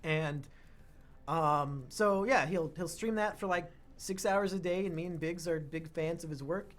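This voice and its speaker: A man co-hosting a casual podcast chat, talking fast and joking, often breaking into laughter. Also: on the high side, fairly bright tone. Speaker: podcast co-host.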